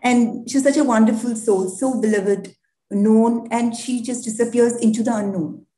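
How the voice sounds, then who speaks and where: A woman's voice: fairly high pitch, steady tone, moderate pace, warm tone. Earnest woman sharing testimony. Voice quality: earnest, heartfelt, reflective. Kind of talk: personal testimony at a prayer meeting. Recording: roomy echo.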